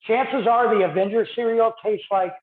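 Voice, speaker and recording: A man co-hosting a podcast, chatting casually with quick asides and frequent laughs. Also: high voice, steady tone. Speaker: podcast co-host. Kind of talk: casual chat. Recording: roomy, tinny phone-like sound.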